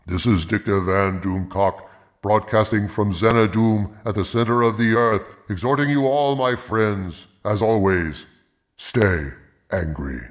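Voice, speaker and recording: A man's voice: fairly low pitch, measured pace. A man hosting a movie review in a pompous villain persona, speaking grandly of himself in the third person. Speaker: host of a movie review show. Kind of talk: theatrical villain-persona commentary.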